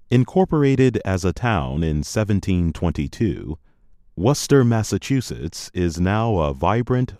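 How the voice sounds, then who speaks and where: Deep, slow man reading a lesson. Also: darkish tone, no room sound, clean studio sound. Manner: slow, deliberate, teacherly reading. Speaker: co-presenter of a language program. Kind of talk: scripted educational narration.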